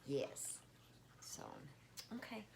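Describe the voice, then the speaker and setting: A woman's voice: very slow, a little hiss or hum. A woman giving a casual spiritual check-in at home, chatty and full of fillers. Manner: chatty, warm toward her pets, frequent fillers. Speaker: spiritual vlogger. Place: at home with pets.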